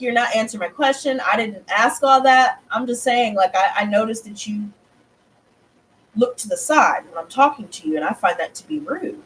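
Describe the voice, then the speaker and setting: A woman's voice: mid-range voice, slight background noise, low-quality recording. A young woman tarot reader telling a story in a casual, blunt way, full of slang and swearing. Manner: animated, blunt, profane, heavy slang.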